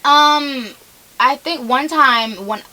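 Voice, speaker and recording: Bright-voiced woman, playful radio guest. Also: sits high, slow, poor audio. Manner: playful, animated storytelling. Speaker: guest artist. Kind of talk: casual radio interview. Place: radio studio.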